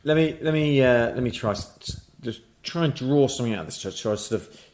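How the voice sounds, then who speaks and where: A man's voice: mid-range voice, fairly quick. A man co-hosting a casual podcast chat, playful and repeating himself often. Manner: playful, animated, many repeated words. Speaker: podcast co-host. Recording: roomy echo.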